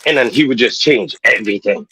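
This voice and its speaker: A man co-hosting a casual sports talk show, profane and animated, who keeps saying "know what I mean.". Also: mid-range voice, brisk, slight background noise, low-quality recording. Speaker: podcast co-host.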